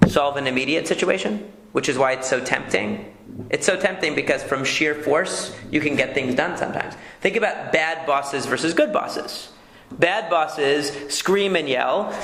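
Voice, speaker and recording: A man's voice: medium pitch, gravelly, bright, forceful tone, slight background noise. A man, a rabbi, giving a conversational lecture and checking in with "okay?" as he teaches. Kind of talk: lecture on marriage communication. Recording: echoey room.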